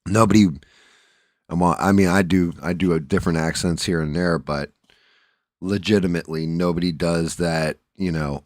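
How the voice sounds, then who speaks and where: A man's voice: rumbling low, steady tone, normal speed, no echo, clean studio sound. A man hosting a casual livestream, rambling bluntly with profanity and frequent restarts, groggy from just waking up. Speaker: livestream host.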